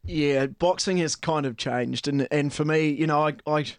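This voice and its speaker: A man's voice: on the high side, moderate pace, dry recording, studio quality. A man co-hosting sports talk, earnest with hesitant restarts. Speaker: radio sports co-host. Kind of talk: casual sports banter.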